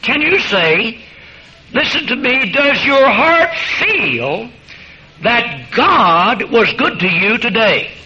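A man delivers a sermon in an unusually high voice, pressing his points emphatically and speaking straight to his listeners. The sound is dull and muffled, like an old radio broadcast. A steady hiss runs underneath. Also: takes it slowly. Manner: emphatic, addresses listeners as beloved. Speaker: preacher.

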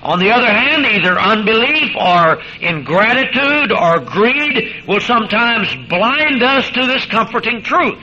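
A man's voice: high-pitched, animated, a little slow, hardly any pauses. A man preaching a sermon, speaking emphatically and addressing his listeners directly as beloved, over a muffled radio broadcast with hiss.

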